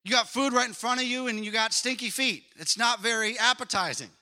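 Give me a high-pitched man preaching a lively, emphatic sermon. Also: brisk. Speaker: pastor.

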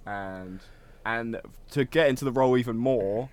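A man's voice: mid-range voice, moderate pace. A young man co-hosting a podcast in casual chat, rambling and self-deprecating with lots of fillers. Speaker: podcast co-host.

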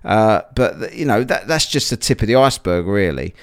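Bloke ranting on his own podcast, smooth clear voice, rambles with loads of ums, bit puffed out. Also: on the low side, expressive, a little fast. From England. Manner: rambling, chatty, many fillers and restarts. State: a bit out of breath after a workout. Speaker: podcast host. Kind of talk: casual solo podcast rant.

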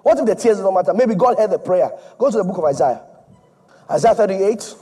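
A male preacher delivering an emphatic, repetitive sermon that swings between loud and soft. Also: high-pitched, animated, fairly quick, husky.

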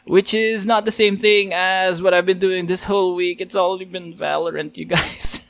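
Guy cohosting a podcast, kinda high gravelly voice, laughs a ton, rambly. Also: normal speed, dry recording. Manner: laughs often, rambling and animated. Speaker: podcast co-host. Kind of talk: casual chat.

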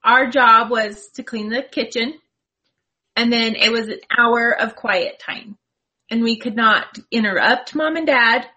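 A woman co-hosting a casual podcast, calmly explaining family routines. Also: a little high, measured pace. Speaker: podcast co-host. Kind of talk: casual chat.

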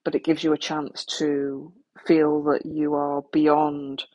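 Low husky-voiced woman. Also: flat delivery, slow, warm tone, lo-fi sound. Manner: frank, self-deprecating, practical. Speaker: speaker on coping with trauma. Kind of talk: candid talk to the listener.

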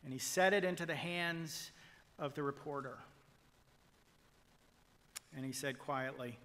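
A male pastor preaching a sermon, swinging from loud proclamation to hushed whispers as he retells a story and quotes people in it. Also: fairly high pitch, a little slow, long pauses, big-room sound, slight background noise. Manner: quotes figures in a retold story.

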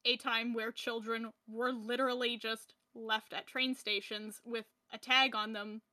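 Bright, wry woman podcaster. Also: a little high, flat delivery. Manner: quick, wry, laughs often, uses "like" a lot. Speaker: podcast co-host. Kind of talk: casual chat.

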